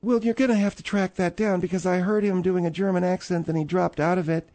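A man with a high voice hosts a call-in radio show in a chatty, teasing way. He calls his callers dear and honey as he presses them with questions. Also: fairly even intonation, quick pace, mellow. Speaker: radio host. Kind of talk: comic call-in radio banter.

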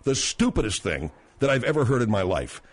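A man's voice: mid-range voice, very animated, brisk. A man hosting a radio talk show, badgering and sarcastic with his guest.

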